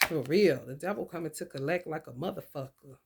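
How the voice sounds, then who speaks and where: A woman's voice: low-pitched, lively intonation, fairly quick, gravelly, a little hiss or hum. A woman who reads tarot, ranting in a casual spiritual vlog with blunt, emphatic and profane speech.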